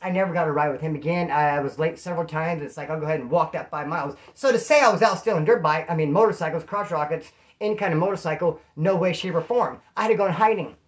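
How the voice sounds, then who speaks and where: A man's voice: on the high side, quick pace, hardly any pauses. A man telling stories to the camera in a casual, slangy way, acting out quotes in a raised voice. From California. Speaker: storyteller.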